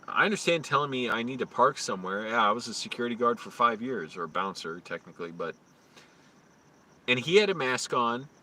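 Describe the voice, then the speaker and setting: A man's voice: medium pitch, lively intonation, fairly quick, bright, forceful tone. A man live-streaming outdoors, telling rambling anecdotes with restarts, his voice rising when he retells arguments. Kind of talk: casual live-stream storytelling.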